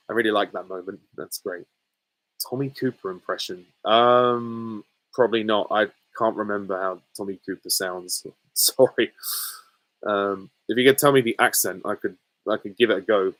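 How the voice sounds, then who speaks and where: A man answering viewer questions in a relaxed Q&A, thinking aloud with plenty of ums and pauses. His voice sits fairly low, and the sound is dry and close with little room echo. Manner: musing, hesitant, many fillers. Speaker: channel host. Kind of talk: casual Q&A with viewers.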